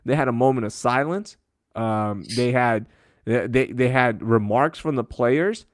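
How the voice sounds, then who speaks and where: A man's voice: medium pitch, unhurried, dry recording. Brief: man, podcast co-host, fired-up mocking rants, bone-dry close sound. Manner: animated, ranting, mocking. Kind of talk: casual chat.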